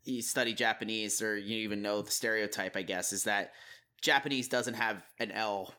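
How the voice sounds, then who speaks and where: A man's voice: fairly low pitch, steady tone, moderate pace, pushed and bright. A man co-hosting a podcast, chatting in an easygoing way and laughing often. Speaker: podcast co-host. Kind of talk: casual chat.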